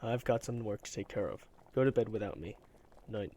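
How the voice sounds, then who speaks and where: An actor playing a tired, weary husband in a mystery game, speaking flat and low-key. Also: male voice, brisk.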